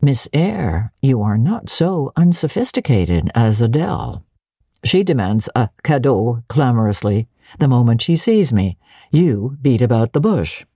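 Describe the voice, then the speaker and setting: A woman reading an audiobook, voicing a curt, imperious, brooding gentleman in a gruff manner. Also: very deep voice, big pitch swings, a little slow, dry recording, studio quality, voice pushed down, heavily acted.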